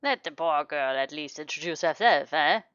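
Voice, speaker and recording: A woman's voice: low voice, expressive, normal speed, fairly bright tone, clean tone, no room sound, muffled recording. A woman streaming a romance game, reading the story aloud and chatting casually with frequent giggles and self-interruptions. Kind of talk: casual let's-play commentary and read-aloud.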